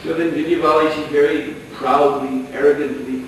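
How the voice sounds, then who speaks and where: A man giving a lecture, telling a sacred story as an animated storyteller who often chuckles. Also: a little high, moderate pace. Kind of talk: storytelling sermon. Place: lecture hall. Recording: echoey hall, distant mic, faint noise.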